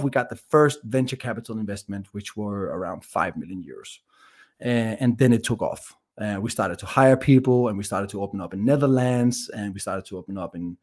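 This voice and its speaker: Man, Danish accent, thirties, energetic storyteller, restarts a lot, average pitch. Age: 30s. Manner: energetic, many restarts and repeated words. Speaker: guest entrepreneur. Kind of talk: casual storytelling interview.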